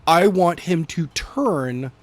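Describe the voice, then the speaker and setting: Man, podcast co-host, slightly high voice, dry close sound, quick interjections. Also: expressive, no echo. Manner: quick interjections, finishes partner's sentences. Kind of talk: casual chat.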